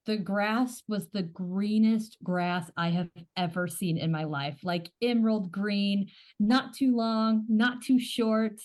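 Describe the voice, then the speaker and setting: A woman's voice: mid-range voice, darkish tone. Curious woman podcast host. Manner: curious, searching for words. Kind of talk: casual chat.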